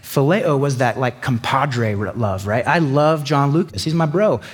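A man's voice: medium pitch, unhurried, husky, long reverb tail. A man preaching a sermon as pastor, conversational with joking asides. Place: church sanctuary.

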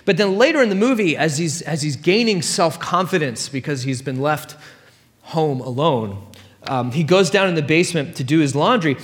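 A man preaching to his congregation, his pitch swinging up and down as he retells stories. He keeps the tone casual and playful, and a long reverb from the hall trails behind each phrase. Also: normal speed. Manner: casual, animated storytelling with playful asides. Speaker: pastor. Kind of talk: sermon.

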